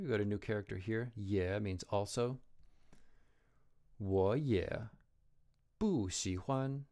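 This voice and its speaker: Lower-voiced man teaching Chinese characters. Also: darkish tone. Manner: slow, careful modeling of pronunciation. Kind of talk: explaining Chinese characters and tones.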